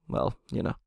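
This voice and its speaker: A man's voice: no echo, studio quality. A man teaching a beginner language lesson, explaining patiently, often checking in with "okay?" and chuckling at himself.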